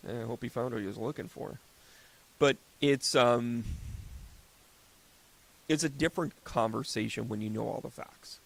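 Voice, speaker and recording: Male host, fifties, gravelly voice, rambling comic storyteller. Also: mid-range voice, moderate pace, long pauses. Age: 50s. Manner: rambling, joking storyteller who acts out little scenes. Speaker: host and psychic medium. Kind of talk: casual solo podcast talk.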